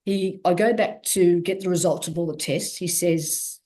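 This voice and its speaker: This is a woman from Australia with a fairly low pitch at normal speed. Interviewed as a guest athlete, she shares her story candidly and animatedly, acting out quoted lines with many restarts.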